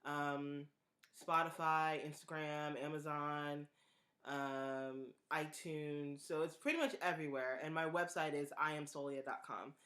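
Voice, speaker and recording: A woman from the Maryland suburbs hosting her own live stream as a singer-songwriter, answering viewer questions in a relaxed, earnest way and thinking aloud with pauses and restarts. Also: sits low. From Prince George's County, Maryland, USA.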